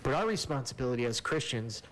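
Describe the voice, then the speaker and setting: A male pastor explains a Bible passage to radio listeners in a relaxed, earnest way. His voice sits at a middle pitch, and he slips into the quoted characters as he retells the story. He sounds like he is on a studio talk show. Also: quick pace, slight background noise, rough recording. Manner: conversational and earnest, acts out quoted lines. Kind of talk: informal sermon-style Bible teaching.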